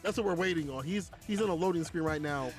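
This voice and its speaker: A man's voice: on the high side, fast, over music. A man doing casual esports play-by-play from a small closet at home, slangy and laid-back, talking to his chat. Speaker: esports commentator.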